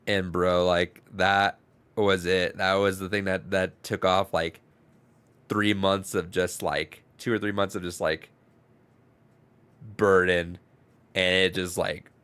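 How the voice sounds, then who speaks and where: A man's voice: low-pitched, fairly bright tone, smooth, dry recording. A man co-hosting a podcast, telling a story in rambling casual chat, restarting his words and swearing freely. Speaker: podcast co-host.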